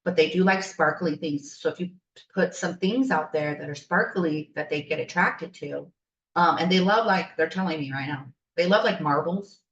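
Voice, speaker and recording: A fairly low-pitched woman talks like a spiritual coach, rambling through stories in a chatty, enthusiastic way. She sounds a little distant from the mic in an echoey room, and the audio is somewhat dull. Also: moderate pace, slight background noise. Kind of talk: casual podcast storytelling.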